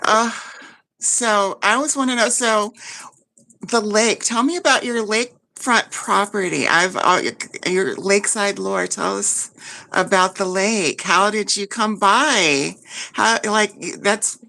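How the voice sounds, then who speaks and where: A woman's voice: medium pitch, slow pace, creaky, sharp tone. A woman hosting a casual livestream chat, gushing and effusive, often repeating herself. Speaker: livestream host.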